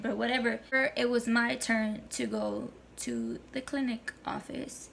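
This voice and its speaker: A woman's voice: fairly high pitch, normal speed, creaky, hardly any pauses, a bit bright, slight background noise. A young woman telling a casual storytime on her vlog, chatty, slangy and swearing freely. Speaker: vlogger.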